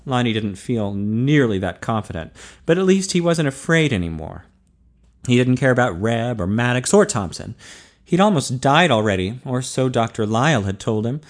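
Man steadily narrating an audiobook. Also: mid-range voice. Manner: steady, measured reading.

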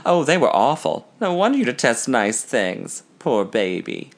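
A man voicing an excitable, fussy male tailor who gushes and frets in a breathless, high-strung way. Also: unhurried. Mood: gushing.

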